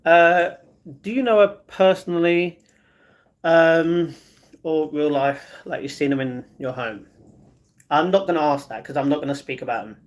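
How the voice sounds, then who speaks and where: A man hosting a casual livestream, reading viewer comments aloud and answering them in an easygoing way, often stumbling and restarting his sentences. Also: a little high. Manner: chatty and easygoing, with halting restarts. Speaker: livestream host.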